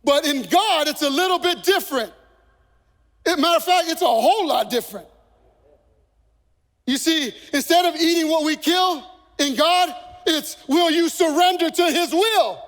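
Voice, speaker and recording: A man preaching a sermon as pastor, impassioned and rising to shouted peaks. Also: very high voice, animated, moderate pace, long pauses. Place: church sanctuary. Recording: long reverb of a church hall, faint music.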